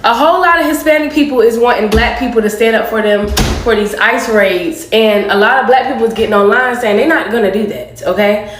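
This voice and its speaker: A woman's voice: a little high, brisk, few pauses, reverberant, background noise. A woman in a loose, rambling social media rant.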